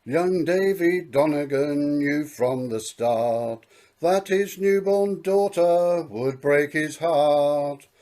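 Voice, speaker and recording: A man's voice: on the high side, mellow. A man singing a comic story ballad as a singer-songwriter. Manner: slow sung storytelling.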